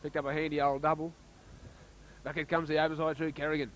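An Australian man giving casual, chatty commentary on a local rugby league match, getting excited when play heats up. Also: fairly high pitch, fast, slight background noise, poor audio.

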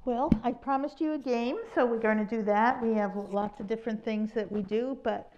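A woman's voice: on the high side, moderate pace, darkish tone, highs cut off, a little hiss or hum. A woman leading a group through laughter exercises, cheerful and laughing often. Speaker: laughter yoga leader. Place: room with a group in a circle.

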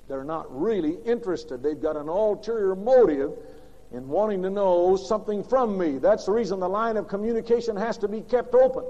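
A man preaching from the pulpit, his high-pitched voice carrying a mellow, warm tone. He swings between loud, punchy bursts and hushed, low asides. The old recording is dull and lo-fi, with a long reverb from a large sanctuary. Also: expressive, fairly quick. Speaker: pastor. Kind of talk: sermon.

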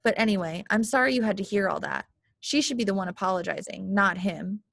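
Woman doing soft-spoken earnest dad, low and calm, gravelly edge, dry sound. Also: brisk, no echo. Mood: gentle. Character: quiet earnest middle-aged father.

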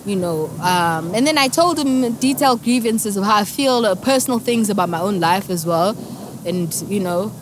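A woman's voice: mid-range voice, animated, normal speed, background noise. A South African woman in her thirties, telling her story in a reflective, emotional way during a casual interview. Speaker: guest musician.

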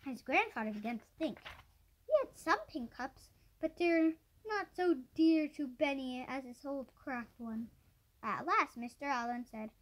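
A woman reads a children's storybook aloud in a high voice that rises and falls a great deal. She goes at an unhurried pace and sometimes stumbles and restarts a word. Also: lively intonation. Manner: unhurried reading with small slips and restarts. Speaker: audiobook reader.

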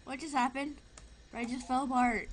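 A woman's voice: high-pitched, steady tone, moderate pace, slight background noise. A young woman casually commenting on her gameplay, rambling, giggling and often apologizing. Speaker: gameplay video host.

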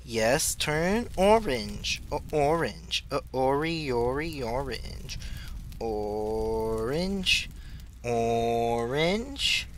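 A man doing let's play commentary, talking to himself as he plays and bursting into excited squeals. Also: mid-range voice, drawn-out words, a little hiss or hum. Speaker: gaming channel host.

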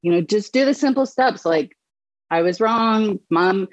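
A woman's voice: mid-range voice, expressive, unhurried, no echo, highs cut off. A woman in her thirties, a podcast host and mother, talking casually with lots of fillers and restarts. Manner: chatty, many fillers and restarts. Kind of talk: casual conversation.

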